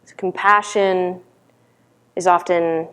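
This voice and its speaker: A woman's voice: fairly low pitch, fairly even intonation, slow pace, a bit bright, clear, resonant tone. Candid woman giving a dharma talk. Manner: candid, conversational storytelling. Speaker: meditation teacher.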